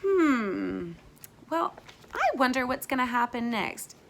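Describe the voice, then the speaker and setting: A woman teacher reads a children's book aloud, her high voice swooping widely as she talks it over with young listeners. The tone is bright, with a gravelly fry at the ends of phrases. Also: slow, a little hiss or hum. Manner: expressive, asks young listeners questions.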